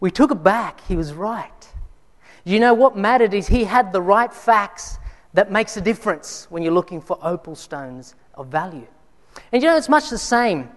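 This churchgoing preacher shares a personal story in a conversational sermon full of restarts. He speaks at normal speed in a high-pitched voice with lively intonation, and the recording has long hall reverb.

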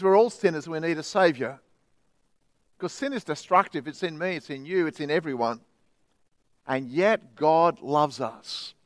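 A middle-aged man with an Australian accent preaches with earnest emphasis, leaning hard on his key phrases. His voice sits fairly high for a man. The sound is dry, with almost no room around it. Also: a bit bright, no room sound. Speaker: pastor. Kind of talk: sermon.

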